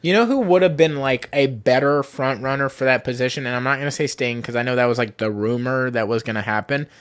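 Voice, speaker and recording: A man's voice: mid-range voice, fast talker, a bit bright, smooth. A man hosting a podcast in casual chat, profane and opinionated. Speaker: podcast host.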